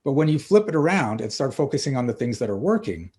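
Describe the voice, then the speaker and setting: A middle-aged man, a coach and author, guesting on a podcast and telling lively stories, acting out the dialogue. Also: mid-range voice, fast talker, breathy edge. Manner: animated storyteller acting out dialogue. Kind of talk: casual interview storytelling.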